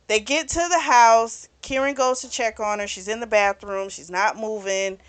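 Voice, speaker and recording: A woman's voice: on the high side, fairly even intonation, moderate pace, smooth, no echo. A woman host casually recapping a novel for a book club, talking in a chatty way and filling her retelling with "you know" and "he's like.".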